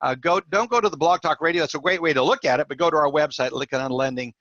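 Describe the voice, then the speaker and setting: The sound is dry and lo-fi as a middle-aged mortgage coach, a podcast guest, talks fast in a somewhat high voice. He's an energetic storyteller who acts out the quoted lines.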